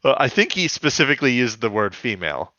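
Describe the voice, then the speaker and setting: A man's voice: medium pitch, sing-song, quick pace, pushed and bright, no echo, lo-fi sound. A man co-hosting a podcast, chatting casually and profanely and laughing often. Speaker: podcast co-host. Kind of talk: casual chat about a cartoon episode.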